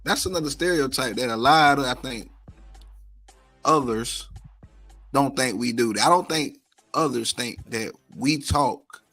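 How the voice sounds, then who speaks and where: A man with a gravelly voice and a bright, forceful edge talks casually on a comedy podcast. He hammers his points by repeating words. Faint music sits behind him. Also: medium pitch, measured pace, pauses often. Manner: emphatic, repeats words for stress. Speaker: podcast co-host. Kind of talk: casual chat.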